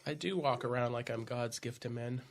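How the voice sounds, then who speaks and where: A man's voice: medium pitch, fairly quick, vocal fry. A man co-hosting a podcast in casual crude banter, joking and swearing easily. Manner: joking, profane, laughs easily. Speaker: podcast co-host.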